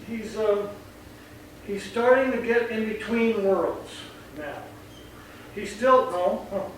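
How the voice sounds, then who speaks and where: A man's voice: sits high, takes it slowly, fairly bright tone. A man working as a dog trainer, explaining casually and animatedly, often acting out voices mid-sentence. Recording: echoey room, distant mic, faint noise.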